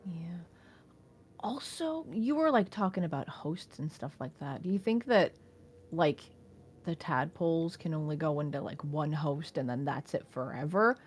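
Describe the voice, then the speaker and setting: A woman at a tabletop game, full of loud whoops and casual swearing, her questions full of "like." Her voice is lowish and husky and moves around a lot, with faint music underneath. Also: normal speed. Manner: loud excited cheers, casual swearing, many "like" fillers. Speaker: player.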